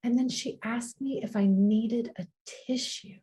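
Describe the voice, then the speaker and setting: A woman's voice: on the high side, steady tone, a little slow, mellow, slightly rough. A woman in her thirties, a podcast guest, telling a personal story tenderly. She often stops and restarts her sentences and repeats words. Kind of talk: emotional podcast conversation.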